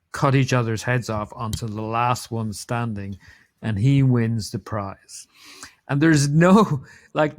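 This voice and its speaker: Irish guy on a podcast, rambling amused movie chat, lots of ums and uhs, medium voice. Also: medium pitch. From Ireland. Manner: rambling, amused storytelling with frequent fillers. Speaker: podcast co-host. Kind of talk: casual chat about a film.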